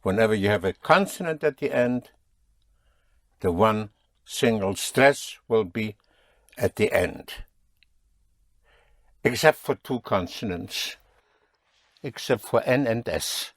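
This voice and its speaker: A man's voice: fairly low pitch, lively intonation, slow pace, long pauses, a bit bright, no echo. A man teaching a language lesson, patiently quizzing his students and explaining rules. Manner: patient, drilling students with questions.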